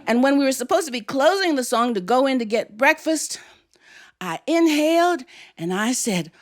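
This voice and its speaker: An older woman telling a personal story to a live audience on stage, expressive and playful. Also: on the high side, normal speed.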